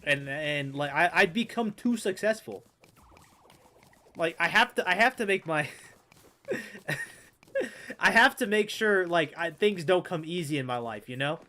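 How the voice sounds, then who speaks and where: A man streams a game in a fairly high, expressive voice that is bright and forceful, keeping a measured pace with long pauses. He offers casual, rambling gameplay commentary, stammering, mocking himself, and cursing freely.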